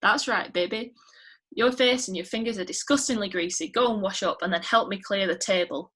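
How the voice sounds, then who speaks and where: A woman's voice: mid-range voice, fairly quick, a bit bright, breathy edge. A woman reading out a domineering, brutish husband. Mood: angry. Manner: plain reading aloud, no accent put on. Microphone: video call.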